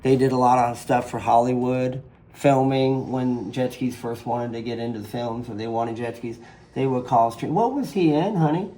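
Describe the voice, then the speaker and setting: A man in his fifties with a Southern US accent, telling lively stories as an interview guest in his home. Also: mid-range voice, normal speed, a little hiss or hum. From raised in Nevada, from southern Louisiana. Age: 50s. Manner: animated storyteller, acts out quoted voices. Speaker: interview guest, retired jet ski racer. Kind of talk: casual storytelling interview. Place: living room at home. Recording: roomy home room, faint ambience.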